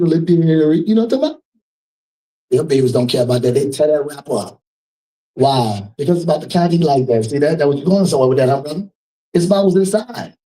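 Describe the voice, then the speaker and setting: A man's voice: fairly high pitch, mellow, recorded from a distance, low-quality recording. Loose-talking male emcee, heard from afar. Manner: loose, preacher-like riffing with call-outs to the audience. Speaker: event host. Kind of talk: live fundraiser emceeing, joking with the crowd. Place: live event hall.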